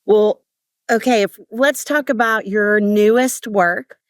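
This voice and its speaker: A woman podcast host asking measured questions and responding with enthusiasm. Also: mid-range voice, no room sound, clean studio sound. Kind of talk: interview hosting.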